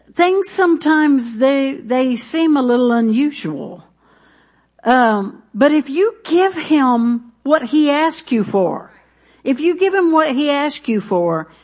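Lady pastor giving a sermon, slow and chatty, lots of asides to the church. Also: high voice. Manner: conversational preaching, restarts and asides to the congregation.

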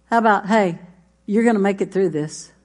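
A woman's voice: mid-range voice, moderate pace, darkish tone. A middle-aged woman pastor, preaching a folksy sermon full of stories. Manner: folksy, storytelling, with congregation responses.

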